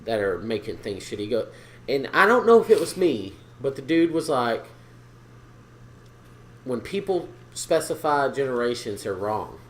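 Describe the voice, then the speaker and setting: A man on a casual podcast, ranting with a lively, swooping delivery and swearing a lot. He acts out the people he quotes. A faint hiss of noise sits under his voice. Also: mid-range voice, a little slow, pauses often. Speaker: podcast co-host. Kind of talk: casual profane chat.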